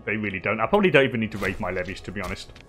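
An English man giving relaxed live commentary on a strategy game, chatting with viewers and laughing often. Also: fairly low pitch, racing, a little hiss or hum. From England. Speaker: streamer.

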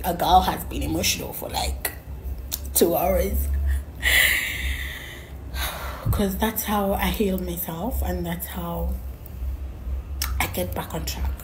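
A young woman talks straight to her camera about a hurtful video, expressive and indignant. She drops now and then into hushed asides. Faint hiss sits under her voice. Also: medium pitch, low-quality recording. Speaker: influencer. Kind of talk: emotional selfie video.

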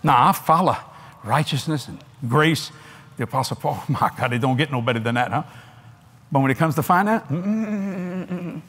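An older man preaching a sermon at a large convention, animated and folksy, laughing between points. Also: fairly high pitch, slightly rough.

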